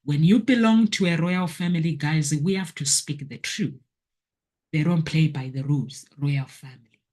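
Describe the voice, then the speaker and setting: A woman motivational vlogger with a deep, a little mellow voice gives a personal spiritual testimony at a moderate pace. Her manner is earnest and preachy, often repeating phrases for emphasis.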